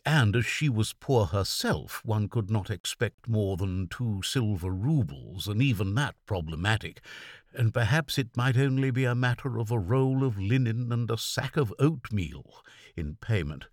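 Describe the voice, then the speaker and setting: A man's voice: on the low side, animated, unhurried, no echo, studio quality. A man voicing a sensible middle-aged country doctor who talks freely with some humour, in a weak, quavering voice. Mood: chatty.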